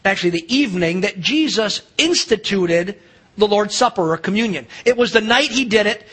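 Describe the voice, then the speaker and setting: A man's voice: high-pitched, animated, moderate pace, fairly bright tone, breathy edge. A man preaching a sermon as pastor, telling a story in a chatty way with fillers and restarts.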